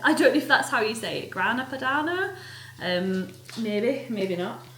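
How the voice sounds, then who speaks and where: A woman's voice: medium pitch, expressive, moderate pace. A young woman chatting casually and upbeat, self-deprecating, in a day-in-the-life vlog, first while cooking at home, then out on a walk. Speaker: vlogger. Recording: roomy sound with loud kitchen sizzle and outdoor ambience.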